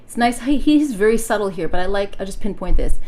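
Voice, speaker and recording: A woman's voice: medium pitch, lively intonation, a little fast, darkish tone, low-quality recording. A young woman voice coach giving a chatty singing lesson, explaining lines and now and then singing them to demonstrate. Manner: breaks into sung demonstrations between explanations.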